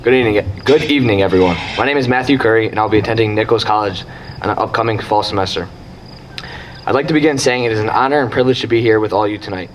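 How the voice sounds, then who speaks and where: A young man in his late teens giving a prepared, formal speech as a graduating student, brisk and earnest. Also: on the low side, slight background noise, low-quality recording.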